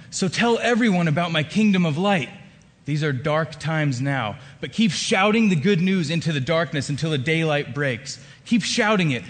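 A man voicing a quoted spiritual teacher who gives solemn, emphatic warnings to his followers. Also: a little high. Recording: long hall reverb.

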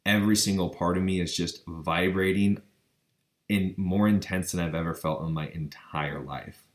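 A man's voice: low-pitched, fairly even intonation, normal speed. A man earnestly retelling a personal experience, with frequent stammers and restarts, leaning on the word literally. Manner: keeps saying literally. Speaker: vlogger. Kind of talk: personal storytelling.

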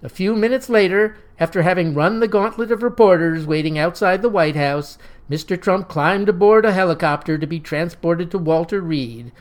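A man narrating a satirical story in a wry, deadpan, mock-heroic tone. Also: high voice, normal speed, hardly any pauses. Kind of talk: satirical storytelling with voiced dialogue.

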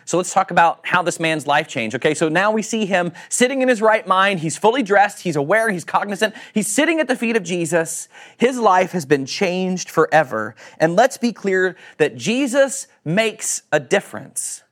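Male pastor, fairly high-pitched voice, lively sermon delivery with acted-out quotes. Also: normal speed, few pauses. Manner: animated, acts out quoted voices, asks the congregation questions.

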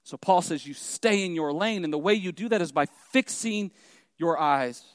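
A man's voice: a little high, moderate pace, no echo, big-room sound. A man preaching a sermon as pastor, emphatic and repeating key phrases for effect.

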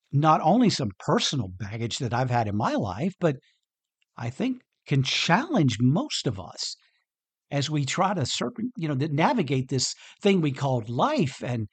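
A man hosting a podcast who reads a Bible passage and then talks it through in a chatty, animated way, often restarting his sentences. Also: fairly high pitch, husky. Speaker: podcast host. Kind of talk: conversational Bible talk.

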